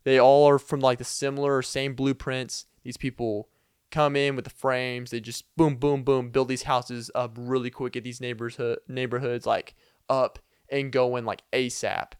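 A man's voice: mid-range voice, level tone, normal speed, clean tone, dry recording, clean studio sound. A young man hosting a podcast, telling a rambling comedic story full of fillers and little laughs. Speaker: podcast host.

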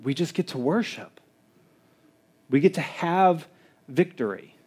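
A male pastor preaching a sermon, sometimes singing hymn lines, excitable and then softening into prayer. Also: on the high side, unhurried, slightly rough. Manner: exuberant, rising to near-shouts of joy; lapses into soft, intimate prayer.

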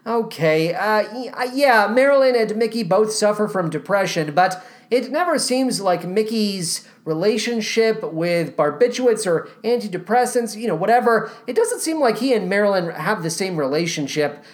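A woman's voice: medium pitch, lively intonation, moderate pace, few pauses. Sarcastic woman podcast host. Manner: sarcastic, exasperated asides. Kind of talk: casual commentary on cast recordings.

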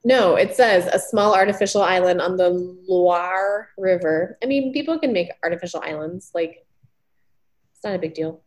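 This podcast co-host, a young woman and former teacher, has a voice on the low side and a moderate pace. She casually retells research in chatty fashion, peppered with ums, likes and giggles.

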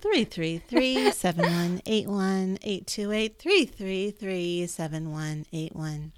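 A woman's voice: fairly low pitch, slow pace, smooth, no room sound. A woman co-hosting a podcast in casual, upbeat chat, laughing now and then. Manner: chatty, upbeat, laughs often. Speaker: podcast co-host, healer.

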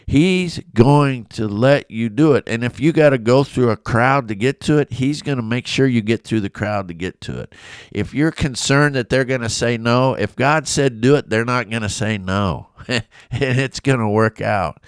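A man preaching a devotional Bible talk as a pastor, telling a personal story with animated energy and frequent chuckles. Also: medium pitch, normal speed, smooth, no room sound.

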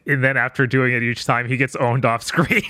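A man's voice: medium pitch, fairly even intonation, brisk, pushed and bright, no echo, studio quality. A man chatting casually about video games on a podcast, laid-back and amused. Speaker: podcast co-host. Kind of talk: casual gaming podcast chat.

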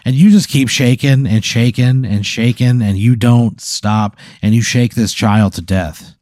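A man's voice: mid-range voice, unhurried, darkish tone, dry recording, studio quality. A man hosting a podcast, improvising a rambling, profane comedy story full of fillers. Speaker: podcast host.

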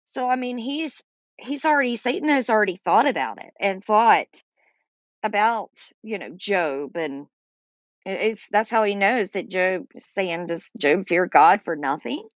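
A woman's voice: mid-range voice, lively intonation, measured pace, no echo, highs cut off. A woman leading a Bible study, reading scripture aloud and explaining it in plain words with small fillers. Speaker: Bible teacher.

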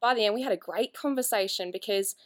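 A woman's voice: mid-range voice, fast. A woman guest on a podcast, chatting casually, self-deprecating and laughing often. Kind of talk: casual chat.

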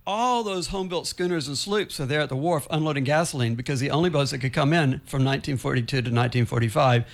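A man's voice: mid-range voice, fast talker, creaky. Man telling local history. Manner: storytelling, easygoing, acts out quotes. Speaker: studio guest, sailing teacher. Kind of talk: storytelling in casual chat. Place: radio studio.

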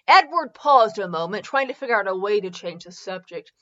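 A woman's voice: medium pitch, lively intonation, brisk, fairly bright tone, no echo. A woman reading a comic fanfiction aloud, giggling and stumbling over words, on a slightly dull recording. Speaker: fanfiction reader.

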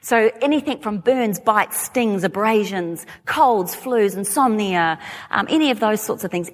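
An Australian woman in her forties giving an animated talk to a live audience, chatty with laughing asides. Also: mid-range voice. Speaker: speaker. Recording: long hall reverb.

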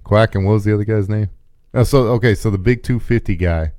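A man hosting a casual chat, relaxed and asking curious questions. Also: on the low side, fast talker, no echo.

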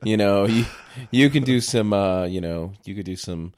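A man's voice: on the low side, moderate pace, darkish tone. A man bantering casually, joking and swearing while mocking himself. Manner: joking, self-mocking, profane.

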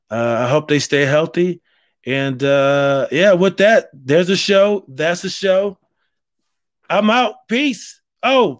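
A man's voice: fairly high pitch, no echo, clean studio sound. A man hosting a solo podcast, talking in a rambling, earnest and heartfelt way. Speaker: podcast host. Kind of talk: casual solo podcast monologue.

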